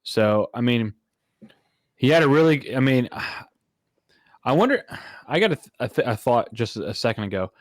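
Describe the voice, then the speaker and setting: A man's voice: mid-range voice, sing-song, a little slow, pauses often, dry recording, clean studio sound. A man hosting a casual podcast, thinking aloud in a rambling, easygoing way. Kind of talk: casual chat.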